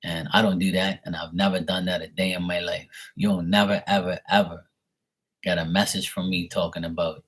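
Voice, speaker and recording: A blunt, profane man from Bermuda talks in a casual rant, his voice low and husky. He mocks the people who message him by acting out their lines, with a tarot reader's offhand confidence. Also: little pitch movement, moderate pace, fairly bright tone. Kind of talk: casual ranting monologue.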